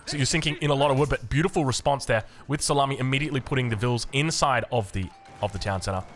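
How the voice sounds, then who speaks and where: A man's voice: medium pitch, fast talker, faint music behind. A man with an Australian accent casting a strategy game match, chatty and often correcting himself with fillers. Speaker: game caster.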